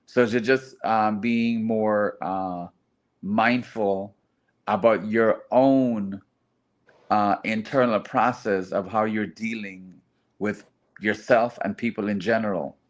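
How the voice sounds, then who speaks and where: A man in casual group chat, earnestly explaining his views step by step. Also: on the low side. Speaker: host.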